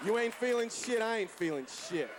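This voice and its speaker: A man's voice: extremely high pitch, lively intonation, fairly quick. A man doing a stand-up comedy set on a club stage, brash and profane, baiting the crowd. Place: comedy club stage before a live audience. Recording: live club with audience and noise.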